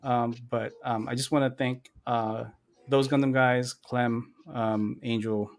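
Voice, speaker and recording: A man's voice: mid-range voice, fairly even intonation, takes it slowly. A man co-hosting a model-building livestream, chatting casually with lots of fillers and restarts. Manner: rambling, many fillers and restarts.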